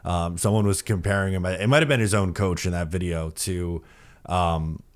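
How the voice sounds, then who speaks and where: In a relaxed hockey podcast, this co-host speaks in a low-pitched voice at a moderate pace. He rambles along in an upbeat manner, leaning heavily on fillers.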